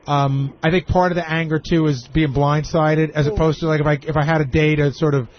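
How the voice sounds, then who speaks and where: A man's voice: a little high, level tone, fairly quick. A man talking casually on a radio show, rambling and restarting his sentences. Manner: rambling, self-correcting, laughs often. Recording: dull lo-fi radio broadcast.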